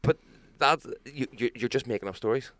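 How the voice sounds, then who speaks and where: A Northern Irish man co-hosting a casual podcast chat, telling animated stories, swearing freely and mimicking people loudly. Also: mid-range voice, a little fast, no echo, studio quality. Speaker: podcast co-host.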